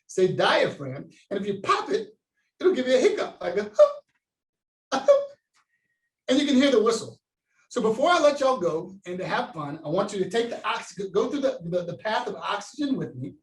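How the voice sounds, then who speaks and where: A man with a high voice leads children through a science lesson, calling out words for them to repeat back. He speaks from some distance off the mic in an echoey room, so his voice rings and sounds far. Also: normal speed. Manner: animated, call-and-response prompting; gestures while talking, stands and demonstrates. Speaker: science educator. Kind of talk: interactive kids' science lesson.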